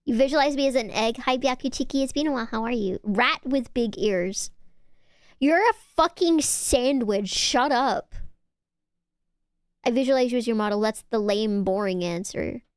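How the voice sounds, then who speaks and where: A young woman streamer in casual chat, reading messages aloud and teasing her viewers, swearing and getting excitable. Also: fairly high pitch, a little fast, few pauses, clean tone, no room sound, clean studio sound.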